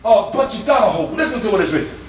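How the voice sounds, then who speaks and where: A man preaching a guest sermon, animated and playful, breaking into song, shouts and laughter. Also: sits high, racing, a little hiss or hum. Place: church sanctuary. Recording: echoey church hall, mic at a distance, congregation. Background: congregation responding.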